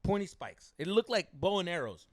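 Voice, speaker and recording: A young man hosting a podcast, telling stories in a profane, animated way, acting out voices and mixing in Spanish slang. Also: high-pitched, moderate pace, noisy background. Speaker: podcast co-host. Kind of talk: casual storytelling chat.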